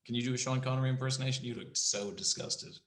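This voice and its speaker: A man's voice: mid-range voice, fairly even intonation, fast, fairly bright tone. A man co-hosting a podcast, chatting casually in a rambling, jokey way. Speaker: podcast co-host. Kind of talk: casual chat. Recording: roomy echo.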